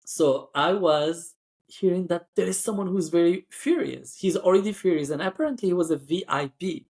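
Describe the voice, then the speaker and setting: A man's voice: sits high, moderate pace, a little mellow, slightly rough. A man who works as cabin crew, telling a story in a chatty podcast style, full of "like" and acted-out voices. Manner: chatty, acts out quoted voices, frequent "like".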